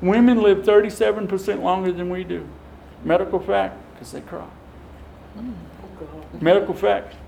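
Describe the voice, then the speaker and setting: A man's voice: high voice, normal speed, vocal fry, long pauses, slight background noise, poor audio. A middle-aged man, a deacon telling a folksy story to a parish and acting out the quotes. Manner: folksy, animated storyteller who acts out quotes. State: tearful at times. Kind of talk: storytelling talk to a parish audience.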